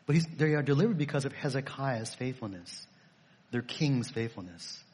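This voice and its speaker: Husky emphatic preaching man. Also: mid-range voice, animated, normal speed, darkish tone. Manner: emphatic and repetitive, asks rhetorical questions. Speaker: pastor. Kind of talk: sermon.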